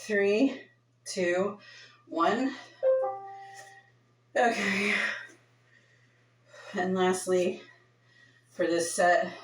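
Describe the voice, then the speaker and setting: A woman leading a home workout, counting reps aloud in a chatty, offhand way and sounding winded. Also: on the low side. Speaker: fitness instructor. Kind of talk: casual workout instruction. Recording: echoey room from far off.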